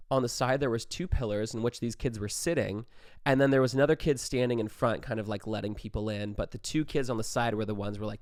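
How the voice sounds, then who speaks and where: A man's voice: medium pitch, creaky, dry recording. Young guy podcast host rambling thru a story, says like a ton, dry close sound. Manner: rambling, peppered with like, swears freely. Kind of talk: casual storytelling.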